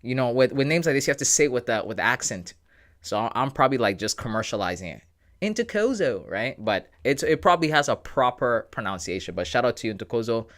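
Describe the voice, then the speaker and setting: A man's voice: mid-range voice, animated, fast talker, fairly bright tone. A man hosting a casual trading livestream, laid-back and joking, with slangy talk as he reads viewers' comments aloud.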